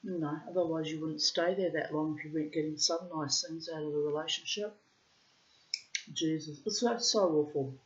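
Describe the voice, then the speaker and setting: In a candid storytelling monologue, this woman vlogger rambles through personal stories with plenty of swearing. She speaks at a moderate pace in a low-sitting voice with fairly even intonation, and the lo-fi audio is a bit dull.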